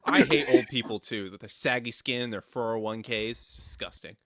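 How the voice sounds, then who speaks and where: A man's voice: medium pitch, moderate pace, a bit bright, no echo, studio quality. A man hosting a casual podcast, talking in a playful, mock-formal way. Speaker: podcast host.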